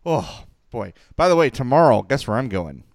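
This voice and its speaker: A middle-aged man co-hosting a hockey podcast, talking in an excitable, jokey way and reading sponsor spots. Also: mid-range voice, moderate pace, gravelly, dry recording, clean studio sound. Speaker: podcast co-host. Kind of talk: casual sports chat and sponsor read.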